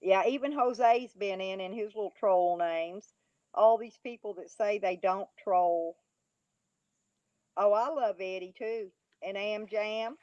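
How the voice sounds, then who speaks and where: A woman chats on her livestream, teasing and mocking trolls in the chat and laughing often. Her voice sits at a middle pitch. The sound is dry and a little dull, like a lo-fi home stream. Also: slow, darkish tone, no echo. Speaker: livestream host. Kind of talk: casual livestream chat, reading and answering chat.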